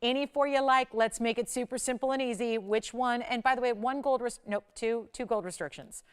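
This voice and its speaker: Woman, TV shopping host, fast-talking sales patter, bursts of hype, clear resonant tone. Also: a little high. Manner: energetic, chatty, hypes deals with sudden loud bursts. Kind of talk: live jewelry sales pitch.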